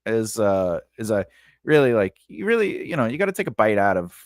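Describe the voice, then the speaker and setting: A man runs a casual live-streamed writing class, reading chat comments and talking loosely, full of "like," "you know," puns and frequent laughter. His lowish voice swings widely in pitch and moves a little fast. The studio-quality recording has no room sound.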